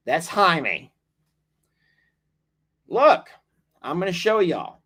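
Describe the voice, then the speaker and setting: A man with a drawl hosts a casual livestream, reading comments out loud. He talks in a chatty, teasing way, laughing often, and his voice swoops widely up and down at a middling pitch. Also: sing-song, unhurried. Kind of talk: casual live-stream chat.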